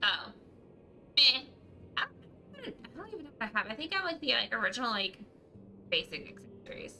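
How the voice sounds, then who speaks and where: A woman streamer chatting casually and excitably on a livestream, laughing often. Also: on the high side, a little fast, creaky, slight background noise, rough recording.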